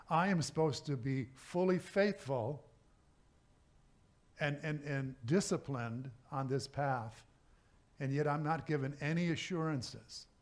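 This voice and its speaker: A man, a minister, giving a sermon talk in a relaxed, conversational way, pausing often and restarting his sentences. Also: mid-range voice. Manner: conversational, halting, with many restarts. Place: church service.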